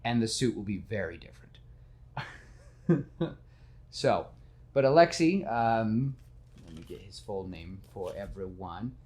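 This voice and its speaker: A man hosting a casual podcast, talking in an animated, self-deprecating way and slipping into quick character voices. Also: on the low side, husky. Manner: self-deprecating, admits nervousness. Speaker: podcast host. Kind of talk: casual podcast chat retelling a film.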